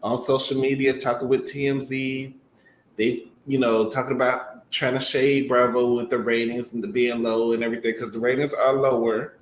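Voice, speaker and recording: A man's voice: mid-range voice, flat delivery, moderate pace. A man co-hosting a casual gossip chat, matter-of-fact and opinionated. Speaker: co-host. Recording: roomy echo, faint noise.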